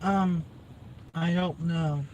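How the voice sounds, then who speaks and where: A man's voice: fairly high pitch, fairly even intonation, drawn-out words, a little mellow. A man riding in a car with his father, giving short, plain answers. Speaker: son. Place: inside a car. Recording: road noise.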